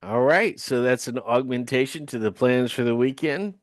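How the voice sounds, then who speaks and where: Courteous male co-host with a dry, close mic, mid-pitched voice. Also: moderate pace, no room sound. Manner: polite, explanatory. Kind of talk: casual live webinar talk. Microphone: video call.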